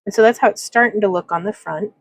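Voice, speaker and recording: A woman demonstrating wire-wrapping on a livestream, chatting freely as she works and breaking off to read viewers' comments. Her voice sits at a middling pitch, close to the mic in a dry, dead-sounding room. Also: fast, no room sound, low-quality recording. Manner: chatty, rambling, laughs often, reads chat comments aloud. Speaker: craft livestream host. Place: home craft room.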